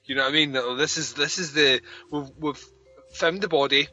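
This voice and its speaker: A man's voice: fairly high pitch, steady tone, moderate pace, bright, forceful tone, breathy edge, lo-fi sound, soft background music. A man in a casual podcast chat about a TV episode, earnest and given to repeating himself. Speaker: podcast co-host.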